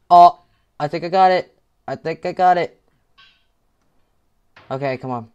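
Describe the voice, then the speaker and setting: A man giving gameplay commentary with headphones on, muttering to himself and swinging into frustrated yelling. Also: on the high side, unhurried, long pauses, clean tone, lo-fi sound. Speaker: gaming video creator.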